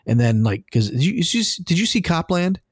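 A man co-hosting a casual podcast, talking in a rambling, animated, profane way. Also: a little high, a little fast, husky, no room sound, studio quality. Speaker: podcast co-host.

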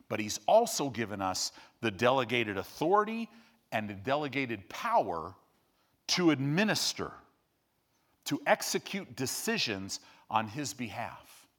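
A man preaching a sermon in an animated storytelling style, acting out quotes as he teaches. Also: mid-range voice.

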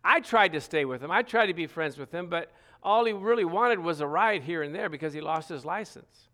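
A middle-aged man preaching a sermon, earnest, stressing scripture with repeated phrases and some halting restarts. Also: on the high side, animated, sharp tone. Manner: earnest, reads scripture aloud with emphatic repetition.

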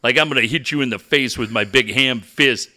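A man voicing a hot-tempered old male coach who hosts a sports radio show, gruff, profane and threatening. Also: mid-range voice, fairly quick, sharp tone, voice pushed down. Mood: belligerent.

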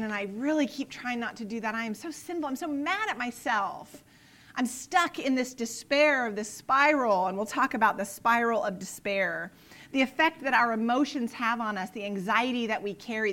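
A woman's voice: a little high, fairly bright tone. A woman in her thirties giving an earnest, casual Bible study lesson, often acting out prayers in quoted voices. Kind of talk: casual devotional teaching.

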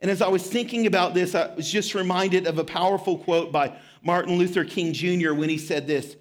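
Man, pastor, sermon, high-pitched voice, animated storytelling, self-deprecating humor. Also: brisk, hardly any pauses.

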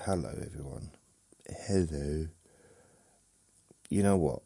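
A man's voice: very deep voice, steady tone, slow pace, gravelly, husky, no echo. A man hosting a sleep podcast, rambling drowsily and chuckling at himself. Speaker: podcast host.

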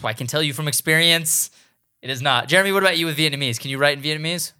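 A man's voice: on the high side, quick pace, pushed and bright, clear, resonant tone. A man hosting a casual podcast chat, laughing often and restarting his sentences. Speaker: podcast host.

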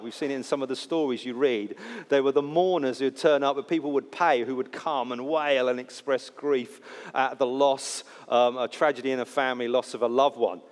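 A man delivering an expository sermon with an easy conversational manner and the odd joke. His voice sits at an average pitch and swings from loud emphasis to near-whispered gravity. The sound rings out with a long hall reverb. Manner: conversational, jokey asides, swings from loud to hushed. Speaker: preacher.

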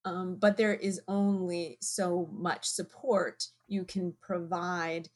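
A woman who chairs a science department and teaches biology, talking in a measured, thoughtful way in a casual conversation. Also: lowish voice, little pitch movement. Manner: measured, thoughtful, slow-paced.

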